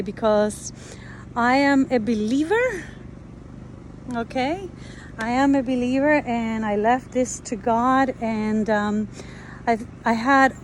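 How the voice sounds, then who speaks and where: Slow-talking woman telling her story outdoors. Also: on the high side, a little hiss or hum, poor audio. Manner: halting, many fillers and restarts. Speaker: tiny house builder. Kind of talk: casual vlog talk to camera. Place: outdoors at a wooded building site.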